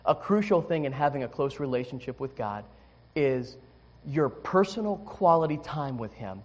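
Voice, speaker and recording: A man's voice: medium pitch, expressive, normal speed, lo-fi sound. A man preaching a sermon, telling a candid personal story with many restarts before turning to scripture. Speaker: pastor.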